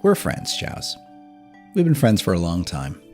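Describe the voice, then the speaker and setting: A man's voice: low voice, a little slow, faint music behind. A man with a Southern California accent hosting a livestream, reading aloud and joking with his chat. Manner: animated, joking, swears, riffs on chat. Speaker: streamer host.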